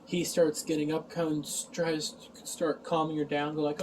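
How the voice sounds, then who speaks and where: A man's voice: fairly high pitch, monotone, normal speed, few pauses, a little mellow, distant mic, slight background noise, low-quality recording. Exasperated man sighing through a recap. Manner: acts out quoted lines in mocking voices. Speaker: reviewer. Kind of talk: casual recap review.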